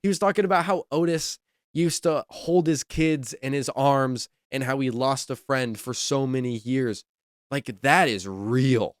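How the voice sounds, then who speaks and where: A man's voice: mid-range voice, steady tone, normal speed, smooth, no echo, clean studio sound. A man hosting a wrestling podcast, giving casual, enthusiastic opinion commentary, repeating himself and saying "like" a lot.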